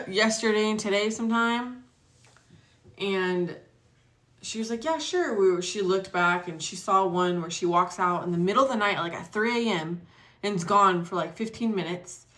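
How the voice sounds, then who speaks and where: A young woman tells a personal story in a casual storytime vlog. She is chatty and animated, acting out the other people's words and swearing freely. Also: mid-range voice, moderate pace. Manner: chatty, animated retelling with acted quotes and swearing. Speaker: vlogger.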